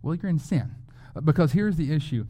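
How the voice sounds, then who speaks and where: A man's voice: on the high side, lively intonation, normal speed, dark tone. A man preaching a sermon as a pastor, in a conversational way, often asking rhetorical questions.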